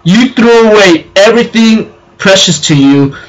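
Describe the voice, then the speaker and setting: A man's voice: high voice, expressive, unhurried, lo-fi sound, pitched above the performer's own voice. A man quoting a stern young captain. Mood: scolding.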